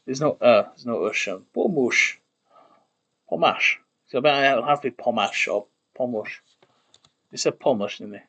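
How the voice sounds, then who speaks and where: A man's voice: mid-range voice, normal speed, a bit bright. A man streaming from his desk, thinking aloud and muttering as he works, trailing off and correcting himself, with keyboard typing behind him. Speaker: streamer building a made-up language. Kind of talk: thinking aloud while working. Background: keyboard clicks and typing.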